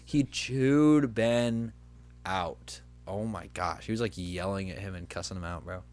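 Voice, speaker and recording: In a low-pitched voice and at a slightly slow pace, a young man relates a work story on the casual podcast he co-hosts. His delivery is lively, and he performs the voices of the people he quotes.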